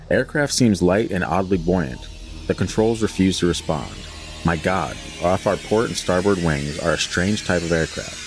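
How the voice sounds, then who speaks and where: A man co-hosting a casual podcast, reading a flight log aloud in a deadpan voice and joking between passages. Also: sits low.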